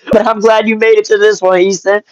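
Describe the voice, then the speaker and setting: A man hosting a casual live stream, greeting chat viewers by name and telling stories in an animated, joking way with some swearing. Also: high-pitched, no echo, lo-fi sound. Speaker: livestream host.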